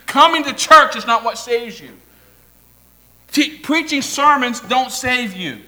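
A man preaching a sermon, swinging from loud declarations to soft asides and having the congregation repeat phrases back. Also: very high-pitched. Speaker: pastor.

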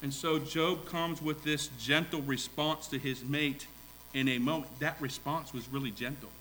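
A middle-aged man preaching a sermon in a bright, sharp voice that sits a little high for a man. He drives points home through repetition and questions to the congregation. Faint noise lies under the recording. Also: steady tone, normal speed, low-quality recording. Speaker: pastor.

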